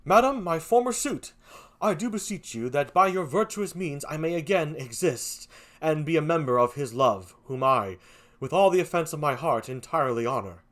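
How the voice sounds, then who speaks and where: A man reads a disgraced young officer begging for favor in an amateur Shakespeare reading. He hurries through the lines with earnest urgency. His pitch moves freely. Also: animated, a bit bright. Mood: pleading. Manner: rushed, earnest pleading.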